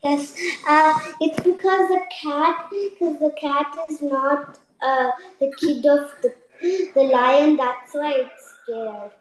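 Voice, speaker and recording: A young female student giving a hesitant, halting answer in class, heard on an echoey, distant call with faint noise behind her. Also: high-pitched, steady tone.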